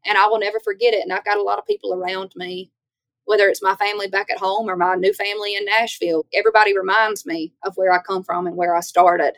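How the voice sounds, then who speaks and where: Country singer guest, Louisiana woman, mid pitch, lively folksy storyteller, dry sound. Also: no room sound. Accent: Southern US, Louisiana. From Northeast Louisiana. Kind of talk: podcast interview.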